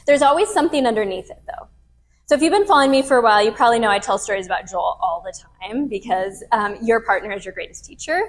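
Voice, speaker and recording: A woman's voice: fairly high pitch, expressive, quick pace. Candid storytelling woman host. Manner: candid, storytelling, swears casually. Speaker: podcast host and retreat leader. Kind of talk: casual talk to a live group.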